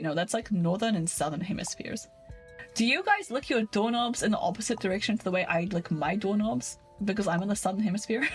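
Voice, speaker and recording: A young woman from New Zealand with a New Zealand accent, a giggly streamer chatting casually with her viewers from her desk. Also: mid-range voice. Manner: giggly, chatty, laughs constantly. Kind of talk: casual chat with livestream viewers.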